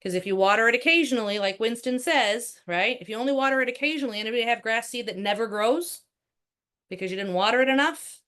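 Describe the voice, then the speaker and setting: A woman teaching a live workshop as a real estate trainer. She talks in a lively, conversational way full of rhetorical questions. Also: fairly high pitch, fast, clean tone.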